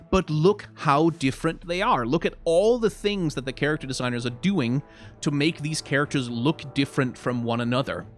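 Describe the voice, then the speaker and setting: A man giving casual live-stream commentary on game card art, rambling with many restarts, frank and self-deprecating. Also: on the high side.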